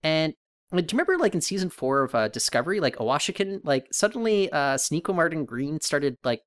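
A man's voice: a little high, animated, fast, fairly bright tone, clear, resonant tone, no echo. Rambling male podcast co-host, dry sound. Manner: rambling, thinking aloud with many restarts. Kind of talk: casual podcast chat.

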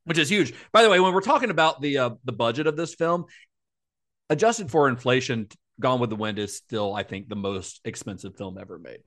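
A man's voice: mid-range voice, lively intonation, a little fast, fairly bright tone. A man co-hosting a podcast, retelling film history in a casual, informative way with asides. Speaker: podcast co-host.

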